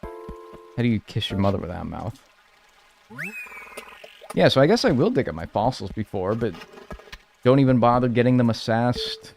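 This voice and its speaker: Animated young male streamer. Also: medium pitch, normal speed, gravelly, pauses often, over music. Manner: animated, playful mock outrage, swears a lot. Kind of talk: live gameplay stream, chatting with viewers.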